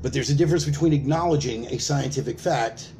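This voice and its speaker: Quick and mellow, a mid-range male voice builds an online sermon into a profane, emphatic rant, hammering points through repetition and rhetorical questions. Slight background noise sits in the recording.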